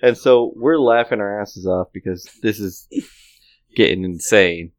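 A man's voice: on the low side, measured pace, no room sound, studio quality. Profane young man telling a story. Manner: animated, profane, laughing while telling a story. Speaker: podcast co-host. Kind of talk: casual storytelling chat.

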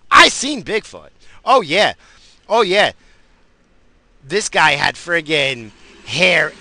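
A man with a medium-pitched, creaky voice and a sharp tone hosts a podcast, rambling through a casual, profane rant. He swears constantly and stammers whenever he restarts a sentence, and his family is from the Azores. The recording has no room sound.

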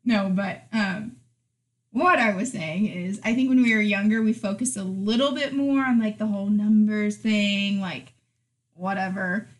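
A woman's voice: mid-range voice, steady tone, unhurried. A woman in her twenties co-hosting a podcast, talking frankly and laughing often in casual chat. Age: 20s. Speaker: podcast co-host.

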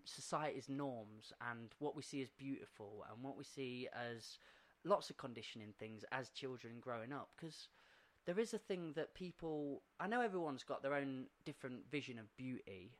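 A man, co-hosting a casual podcast, telling animated stories, acting out quotes and laughing often. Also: mid-range voice, moderate pace. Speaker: podcast co-host.

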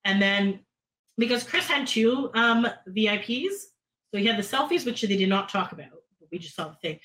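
A Canadian woman co-hosting a podcast tells a story in casual chat, full of fillers, voicing other people's lines in higher tones. Her intonation is lively, her pace moderate, and her voice a bit bright on a rough recording.

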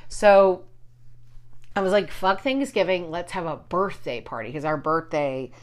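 A woman's voice: fairly low pitch, unhurried. A woman telling a story in casual chat, swearing often and acting out quotes with big jumps in her voice.

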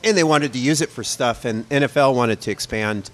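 A man's voice: mid-range voice, fairly quick. A middle-aged man co-hosting a casual pub chat, telling a rambling, self-mocking travel story. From United States. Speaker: podcast co-host.

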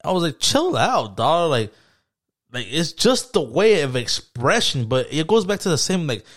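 A young man of Mexican heritage co-hosts a casual podcast chat, rambling through work stories in a slangy, profane way. His voice is a little high and sing-song, with a fairly bright tone and normal speed.

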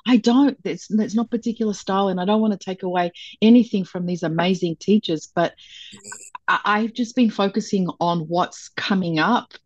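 A woman's voice: mid-range voice, moderate pace, a little mellow, no room sound. A woman guest and breathwork coach speaking casually and thoughtfully, sometimes stopping to search for the right word. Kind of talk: casual conversation. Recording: dry, dull lo-fi audio.

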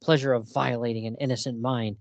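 A man's voice: mid-range voice, little pitch movement, fairly quick, creaky, no echo, natural voice. A man reading as a cruel redheaded vampire woman. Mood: gloating.

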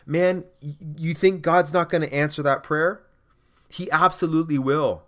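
A man hosting a faith podcast, speaking earnestly and urging listeners he calls gentlemen. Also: fairly high pitch. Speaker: podcast host. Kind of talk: exhorting faith podcast monologue.

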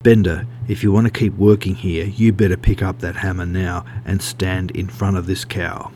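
Man reading as a bullying slaughterman, deep and low, snarling threats. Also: little pitch movement, moderate pace, darkish tone, slight background noise, close to an everyday voice. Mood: menacing. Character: brutish hot-tempered male slaughterhouse worker.

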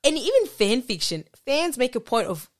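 A woman co-hosts a relaxed chat podcast, and her pitch swoops up and down. She laughs often and now and then reads passages from a book aloud. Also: moderate pace. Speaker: podcast co-host. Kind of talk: casual chat.

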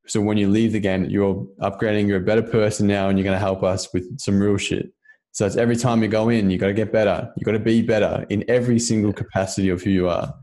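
A man's voice: lowish voice, fairly even intonation, fast, warm tone. A man in a casual podcast chat, earnest and loose, often checking in with the listener. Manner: earnest, loose, keeps asking "you know what I mean".

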